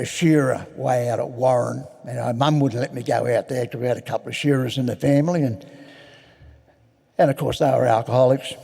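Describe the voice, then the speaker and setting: At an AA convention in a large hall, where a long reverb trails his words, an older Australian man tells his personal recovery story. His medium-pitched voice is creaky and dark, and he speaks frankly and plainly with self-mocking humour.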